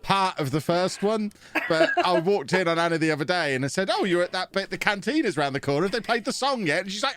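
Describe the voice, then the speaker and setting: Podcast host, man, higher voice, lively melody, teasing wisecracks, dry room. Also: fast, no echo. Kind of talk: casual chat.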